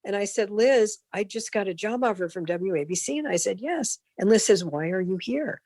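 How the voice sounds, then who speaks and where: A middle-aged woman, a broadcast consultant, telling animated career anecdotes as a podcast guest and acting out the voices of people she quotes. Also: mid-range voice, brisk, no room sound. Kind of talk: storytelling in a podcast interview.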